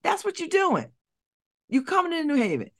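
A woman's voice: very high voice, wildly swooping pitch, a little fast, a bit bright. A woman hosting a community radio show, talking bluntly and preachily with rhetorical questions. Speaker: radio host. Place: radio studio.

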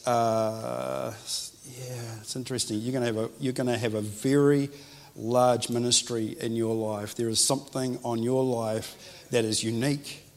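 A man's voice: mid-range voice, darkish tone. A man, a pastor giving a chatty, joking sermon and speaking directly to his congregation. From New Zealand. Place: church hall with congregation.

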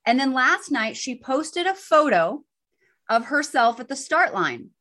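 A woman co-hosting a podcast, telling a personal story in casual chat with a lively, self-deprecating manner. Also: high-pitched, measured pace. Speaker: podcast co-host.

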